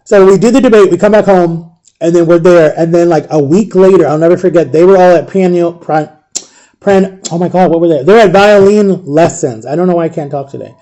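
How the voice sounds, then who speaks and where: A man in his thirties from Ohio, telling a personal story in a casual, rambling way and dropping to a near hush at the emotional moments. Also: high-pitched, fairly quick. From Ohio, USA. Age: 30s. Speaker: vlogger.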